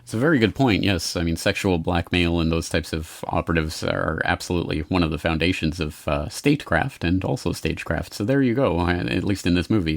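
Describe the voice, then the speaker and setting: A man hosting a podcast, laying out his interpretation in a measured, thoughtful way. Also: sits low, no echo. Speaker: podcast host. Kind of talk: casual podcast conversation.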